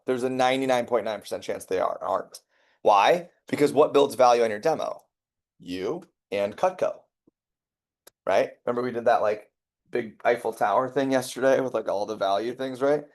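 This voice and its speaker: A man giving a lively sales training talk, telling stories and checking in with the room. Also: mid-range voice. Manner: energetic, conversational, checks in with listeners.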